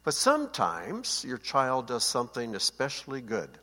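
A man's voice: mid-range voice, wildly swooping pitch, moderate pace, pushed and bright. A man giving a conversational Bible teaching, often checking that his listeners follow. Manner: conversational, asks listeners to confirm. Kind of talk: seated Bible teaching talk. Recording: long hall reverb.

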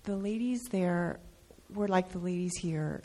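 A woman's voice: on the low side, a little slow, dark tone, slight background noise. A woman sharing an earnest testimony with her congregation, stressing her points by repeating them. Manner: earnest, emphatic repetition. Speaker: trip speaker sharing testimony. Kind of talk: heartfelt testimony.

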